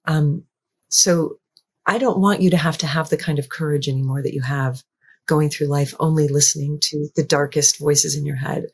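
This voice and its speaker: Gentle, husky-voiced woman. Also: low voice, steady tone, moderate pace. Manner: gentle, affirming, repeats phrases for emphasis. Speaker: guest author. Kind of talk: podcast interview conversation.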